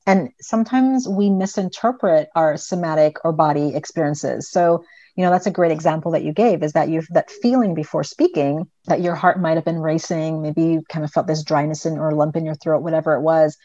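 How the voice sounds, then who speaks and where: A middle-aged woman explaining things as a psychologist guest in an interview, her voice sitting a little low. She tells stories animatedly, jumping into the voices of the people in them. The audio is dry and somewhat dull. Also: brisk, no room sound. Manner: animated storyteller, voices her children in quotes. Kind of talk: conversational interview.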